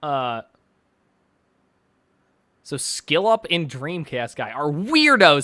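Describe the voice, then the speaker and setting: A man's voice: fairly high pitch, very animated, takes it slowly, pauses often, pushed and bright. A man streaming from his bedroom, reacting to posts with sarcastic, mocking commentary and frequent laughter.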